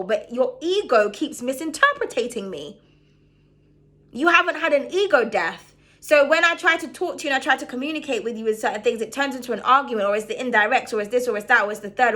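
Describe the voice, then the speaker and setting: A young woman talks straight to her audience in a loose, rambling way, full of fillers. Her voice sits a little high and rings bright and forward. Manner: rambling, many fillers like "like" and "um", frank. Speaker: spiritual YouTuber. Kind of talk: casual talk to camera.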